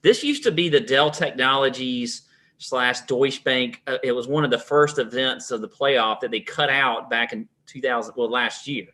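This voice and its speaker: Bright-voiced man giving a brisk rundown. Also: medium pitch. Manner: runs through course facts in a brisk rundown. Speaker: podcast co-host. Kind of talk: casual fantasy golf preview chat.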